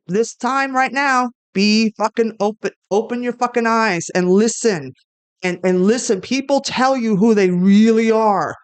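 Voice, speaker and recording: A woman's voice: mid-range voice, clear, resonant tone. A middle-aged woman comedian, ranting bluntly and profanely in casual podcast chat. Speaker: comedian guest.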